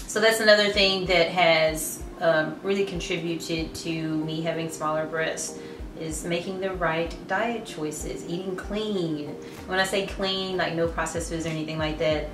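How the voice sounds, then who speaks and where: A woman's voice: fairly low pitch, a bit bright, distant mic. A woman giving a casual fitness vlog to camera, chatty and often restarting her sentences. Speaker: fitness vlogger. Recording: roomy sound from off-mic with light music.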